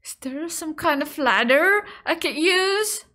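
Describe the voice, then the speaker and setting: A young woman streaming a horror game, talking to herself and her viewers, squealing and yelling at the game. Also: high voice, slow pace. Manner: excitable, squealing and shouting at the game. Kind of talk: gaming stream commentary.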